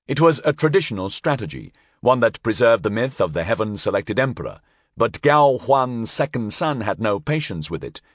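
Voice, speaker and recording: A man narrates history in a measured storytelling voice, his pitch rising and falling with lively expression. The sound is close and dry, with no room around it. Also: no echo. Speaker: audiobook narrator.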